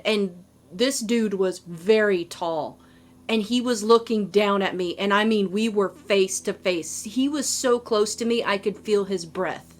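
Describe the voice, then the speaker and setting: A woman co-hosting a podcast, telling a personal story in a casual, animated way with lots of fillers. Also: mid-range voice. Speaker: podcast co-host.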